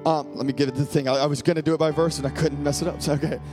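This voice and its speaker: A man preaching a sermon as pastor, emphatic, repeating key phrases and swinging between loud and hushed. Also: on the high side, little pitch movement, racing, over music.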